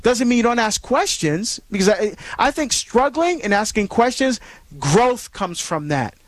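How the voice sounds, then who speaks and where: A man's voice: sits high, big pitch swings, a little slow, dry recording. A man hosting a call-in radio show, preaching earnestly and rambling with many fillers and restarts.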